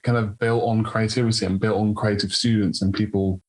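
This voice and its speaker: A man hosts a casual podcast conversation and asks his questions loosely, with plenty of fillers. His voice sits on the lower side. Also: flat delivery, a little fast, poor audio. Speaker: podcast host. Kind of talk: casual interview chat.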